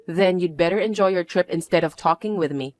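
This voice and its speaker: A woman narrating a dramatized story in the first person, answering in a flat, weary and dismissive way. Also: fairly low pitch, brisk, no echo, soft background music.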